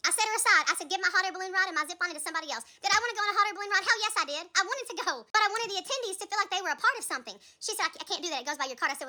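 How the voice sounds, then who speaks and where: A woman's voice: extremely high pitch, lively intonation, racing, few pauses, bright, forceful tone. A woman telling an emotional story in an emphatic, fired-up rant, repeating her points. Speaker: TikTok creator in a played clip.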